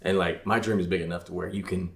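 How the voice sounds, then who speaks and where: Low-voiced man chatting in an echoey room. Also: fast, creaky. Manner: relaxed, heavy use of "like", teasing. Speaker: podcast co-host, husband. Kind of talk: casual chat.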